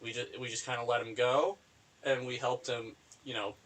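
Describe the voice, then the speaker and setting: A man's voice: medium pitch, level tone, normal speed, fairly bright tone, poor audio. Rambling young man on a casual podcast. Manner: rambling, laughs often, trails off with fillers. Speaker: podcast co-host. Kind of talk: casual chat.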